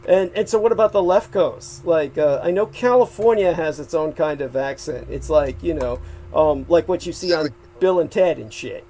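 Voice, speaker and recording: A man in casual livestream chat, his slightly high voice stumbling through restarts and fillers. A faint hiss of noise sits under the talk. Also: mellow, poor audio. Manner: halting, many restarts and fillers, laughs often. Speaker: livestream co-host.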